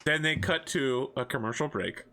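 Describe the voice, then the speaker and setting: Brief: male game master, bright clear tone, laid-back explainer. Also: medium pitch, moderate pace. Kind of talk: running a tabletop game.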